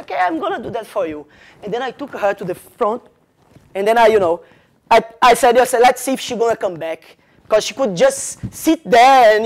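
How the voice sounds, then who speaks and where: A Brazilian motivational speaker with an extremely high-pitched voice tells a story in Brazilian Portuguese–accented English to a live audience. He's animated, linking events with "and then" and acting out the dialogue.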